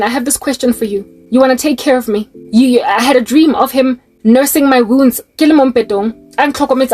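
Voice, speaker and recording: A woman's voice: a little high, darkish tone. A young South African woman with a South African accent, preaching fervently in a personal monologue, firing rhetorical questions and mixing in local-language phrases. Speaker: Christian online preacher.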